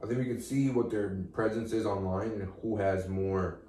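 A man's voice: lowish voice, fairly even intonation, normal speed, dark tone. A man co-hosting a comedy podcast, arguing insistently in casual banter. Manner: insistent and argumentative. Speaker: podcast co-host. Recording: roomy, distant mic, faint noise.

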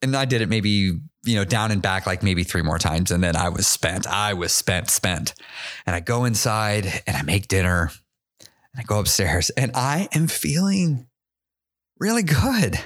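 A man hosting a podcast, telling a personal story in a candid, halting way, often repeating his words and laughing at himself. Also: deep voice, lively intonation, fairly bright tone. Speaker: podcast host.

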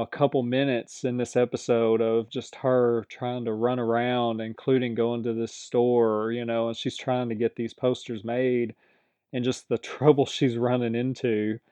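A man's voice: mid-range voice, warm tone, dry recording. A man casually retelling the plot of a TV episode in a rambling way, with many fillers and asides.

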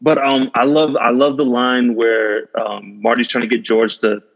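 A man's voice: medium pitch, flat delivery, measured pace. Enthusiastic man chatting casually, lo-fi sound. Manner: enthusiastic, laughing, full of fillers and "like". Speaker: podcast host. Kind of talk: casual chat. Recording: dull lo-fi recording.

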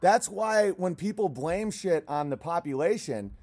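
A man hosting a livestream, rambling in a casual, profane rant and now and then breaking off to yell at barking dogs. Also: high-pitched, animated, measured pace. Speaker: livestream host.

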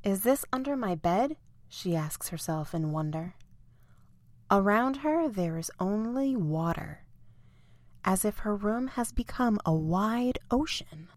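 A woman narrating a children's bedtime story in a clear, expressive way. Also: medium pitch, slow pace, no room sound.

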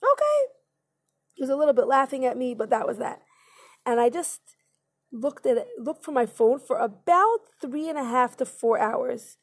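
A woman's voice: fairly high pitch, moderate pace, husky. A woman earnestly telling a personal story to the camera in an emotional, conversational way. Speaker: vlogger.

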